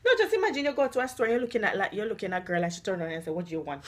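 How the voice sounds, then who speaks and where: A mother from Jamaica lectures her daughter in a casual family vlog, laughing often yet sounding tired and unwell. Her voice is on the high side, sing-song, and very fast.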